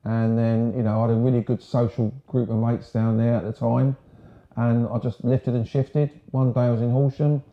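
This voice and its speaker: A man's voice: medium pitch, level tone, normal speed, lo-fi sound. Chatty older English man, roomy sound. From Sussex, England. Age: 60s. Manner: chatty, rambling, frank. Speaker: guest, ex-marine. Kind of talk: casual interview storytelling.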